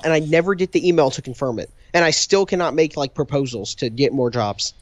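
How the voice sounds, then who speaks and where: A man's voice: on the high side, animated, quick pace, hardly any pauses, no room sound. A young man co-hosting a casual podcast, joking and teasing in a crude way. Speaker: podcast co-host. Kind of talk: casual chat.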